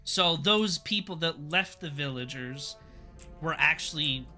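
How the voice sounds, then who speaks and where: A man streaming live, casually recapping a TV episode, rambling along with amused laughs and quick acted-out quotes. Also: on the high side, bright, forceful tone, soft background music. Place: home streaming setup.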